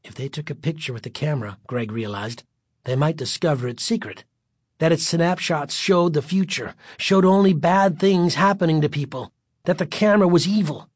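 Male storybook narrator, slightly high voice, dry close sound. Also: moderate pace, slightly rough, dry recording.

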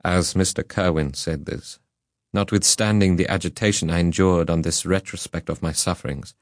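A man narrating an audiobook in a measured, solemn reading. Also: low-pitched, dry recording, studio quality.

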